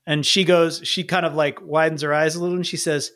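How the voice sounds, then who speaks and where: High-voiced man running a tabletop game. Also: steady tone, fast talker, hardly any pauses, a bit bright. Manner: casual, meandering, with fillers. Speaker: game master.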